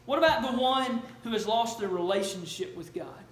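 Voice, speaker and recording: In an echoing church sanctuary with a little background noise, a man preaches in a high voice at a moderate pace. He tells stories and poses questions with earnest sincerity.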